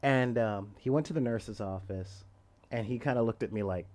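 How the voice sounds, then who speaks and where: A man in his forties telling a story in a loose, rambling way, often laughing and acting out the quoted lines loudly. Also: medium pitch, normal speed. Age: 40s. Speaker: podcast host. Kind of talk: casual storytelling.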